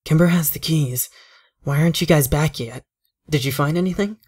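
A man voicing a jittery young man who talks quickly and anxiously. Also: fairly high pitch, a little mellow, husky, pitched above the performer's own voice. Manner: rushed, nervous.

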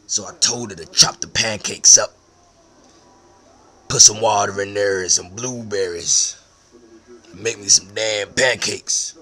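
A man telling absurd comedic stories in a deadpan, profane, slang-heavy manner. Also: on the low side, unhurried, long pauses.

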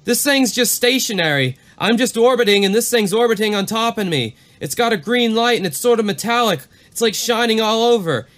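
A man's voice: high voice, normal speed, few pauses, fairly bright tone, pitched above the performer's own voice. A young pilot on the radio, as a man reads his lines, tense and alarmed, with a raised and strained voice. He keeps his reports urgent and rising. Every line pushes forward with mounting worry. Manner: urgent, rising, reading from a transcript. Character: anxious young male pilot radioing control.

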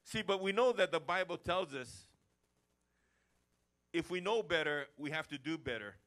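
A man preaches with a bright, forceful ring, his voice sitting a touch high for a man. He keeps the sermon energetic, slipping into everyday chats to make his points. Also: normal speed. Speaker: pastor. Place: church service.

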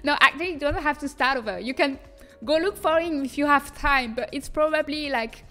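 A woman's voice: sits high, a little fast, pushed and bright, faint music behind. A young woman with a French accent giving a casual livestream tutorial, chatting, reading viewer comments and laughing often. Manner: chatty, laughs often, reads chat aloud. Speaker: streamer teaching custom content.

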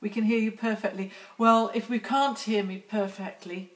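A woman's voice: medium pitch, steady tone, moderate pace. A middle-aged woman hosting a casual live stream outdoors on her phone, chatty and teasing as she greets viewers by name. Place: outdoors near lambs.

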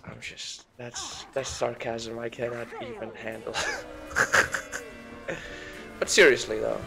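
A man doing a slow, gravelly rambling celebrity impression. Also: medium pitch, flat delivery, music in the background. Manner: meandering, self-mocking, easily sidetracked. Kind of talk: gameplay commentary in an impression voice.

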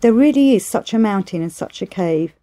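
A woman's voice: medium pitch, expressive, brisk, dark tone, close to an everyday voice. A woman voicing an eager, cheeky male monkey who begs humbly to study. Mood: earnest.

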